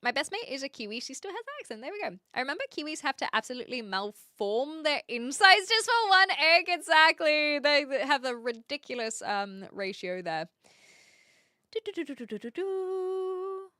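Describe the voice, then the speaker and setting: Bright chatty Australian woman streamer. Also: high-pitched, sing-song, brisk, few pauses, dry recording, clean studio sound. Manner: chatty, talks to her chat, frequent restarts. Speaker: live streamer. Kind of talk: casual chat with stream viewers.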